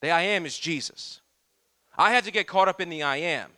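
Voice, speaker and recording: Pastor guy preaching to his church, bright punchy voice, keeps repeating lines and asking amen. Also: a little high, a little fast. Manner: preaching with call-and-response "Amen?" and repetition. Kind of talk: sermon.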